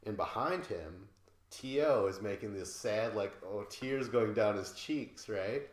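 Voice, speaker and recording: A man co-hosting a podcast, casually recapping a reality show in a lively way and imitating the cast members. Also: lowish voice, moderate pace, echoey room. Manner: animated, mimics cast members with laughs. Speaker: podcast co-host.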